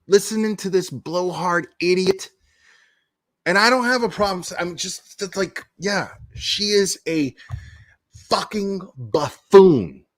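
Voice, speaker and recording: A man's voice: sits high, a bit bright. A man, a crime-commentary vlogger, ranting casually, bluntly and profanely with laughing asides. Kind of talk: casual vlog rant.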